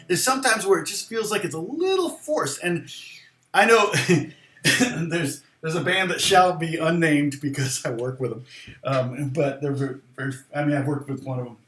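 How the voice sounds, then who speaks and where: Speaking in a slightly high voice in a reverberant space, a guitar teacher walks through songwriting casually. He rambles, restarts and uses fillers, sometimes quietly half-singing lyric lines to illustrate an idea.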